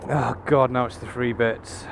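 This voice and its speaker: A man's voice: medium pitch, flat delivery, moderate pace, gravelly. Man chatting from his motorbike. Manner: swears freely, chatty and wry. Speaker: motorcycle vlogger. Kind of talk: casual chat while riding. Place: on a motorbike in city traffic. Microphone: helmet camera mic. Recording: road and engine noise.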